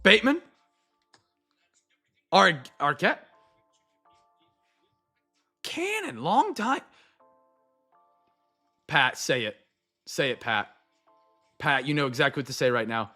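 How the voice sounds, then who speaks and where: A young man hosting a live card break, chatting to viewers and going off on excitable, rambling sports rants. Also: a little high, slow, pauses often, faint music behind.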